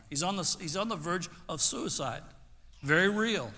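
A man's voice: high voice, lively intonation, moderate pace, bright, forceful tone, a little hiss or hum. A man preaching a sermon as pastor, earnest and stopping to restart his phrases. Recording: long hall reverb.

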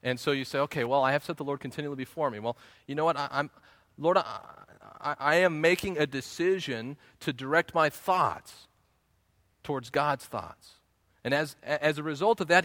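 A man's voice: on the high side, moderate pace, a bit bright, no room sound. A male pastor teaching in an earnest sermon style, repeating key phrases and often restarting his sentences.

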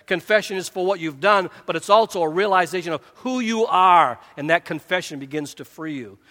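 A man's voice: sits high, a little fast, sharp tone. A middle-aged man preaching a sermon, earnest and conversational, often restarting and putting questions to the congregation. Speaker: pastor. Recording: long hall reverb.

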